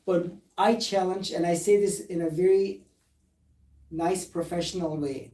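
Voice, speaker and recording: A man's voice: high-pitched, fairly even intonation, unhurried, warm tone, echoey room, far from the mic, slight background noise, poor audio. A man who is a plastic surgeon, speaking earnestly and emphatically and reading documents aloud during a recorded live discussion.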